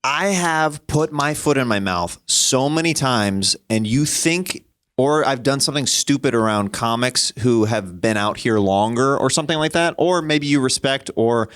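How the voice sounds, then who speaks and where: Podcast host, man, mid-pitch, rambling and self-deprecating. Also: animated, moderate pace, a bit bright, smooth. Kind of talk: casual chat.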